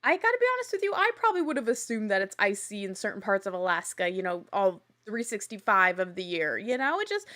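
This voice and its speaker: A woman casually recapping a reality show, chatty and animated, with quick asides and laughs. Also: mid-range voice. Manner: acts out quoted lines in little voices.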